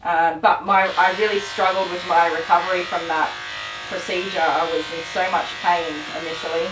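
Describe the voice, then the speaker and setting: A woman's voice: on the low side, flat delivery, normal speed, recorded from a distance, background noise. A middle-aged woman, hosting a casual live stream as a dog groomer, rambling and chatty with many ums and laughs. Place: grooming salon. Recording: roomy, from off the mic.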